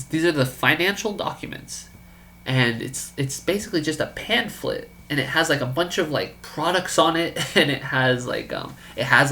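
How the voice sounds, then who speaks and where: A man telling a story about a friend's business pitch in a casual, incredulous way, acting out the dialogue. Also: sharp tone, a little hiss or hum. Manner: incredulous, quoting others in dialogue.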